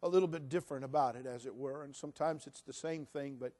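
A man's voice: medium pitch, quick pace, a little mellow. A man preaching a sermon to his church, telling a story in a conversational way. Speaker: pastor. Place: church sanctuary.

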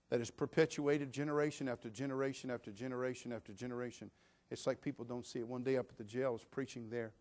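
Preacher with big swings in volume. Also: male voice, medium pitch. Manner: dynamic preaching, swinging from hushed to shouting. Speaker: pastor. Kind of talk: sermon.

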